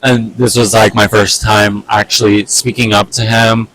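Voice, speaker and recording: Young man telling an animated, fed-up story. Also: fairly low pitch, measured pace, slight background noise, rough recording. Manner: animated, fed-up retelling full of fillers and swearing. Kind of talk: casual storytime vlog.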